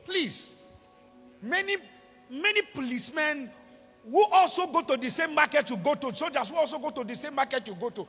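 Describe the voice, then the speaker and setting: A man's voice: very high-pitched, lively intonation, moderate pace, creaky, a bit bright. A man with a Nigerian accent preaching a sermon in a church, pleading and repeating for emphasis. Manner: impassioned, pleading, repetitive emphasis. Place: large church hall. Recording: reverberant church hall with music.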